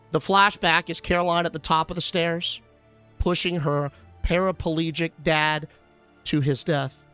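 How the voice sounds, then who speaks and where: Man, high voice, animated, sarcastic, casual swearing, movie recap. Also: clean tone, no echo. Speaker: streamer.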